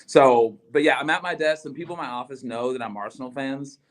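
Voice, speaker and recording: A man co-hosting a sports fan podcast tells a story in chatty, quick bursts. His voice sits at an ordinary middle pitch. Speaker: podcast co-host. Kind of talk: casual chat.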